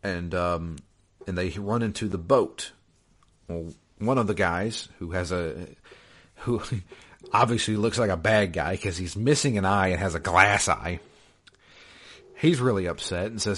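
Man, very low voice, casual game recap, rambling, lots of ums and restarts. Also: a bit bright. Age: adult, married. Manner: rambling, halting, many fillers and restarts. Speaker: podcast co-host recapping a game. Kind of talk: casual chat.

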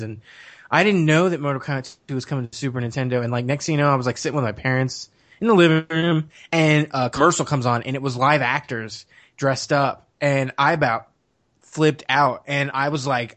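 A man's voice: medium pitch, fairly quick, a bit bright. A man telling long nostalgic stories in casual chat, rambling and laughing often.

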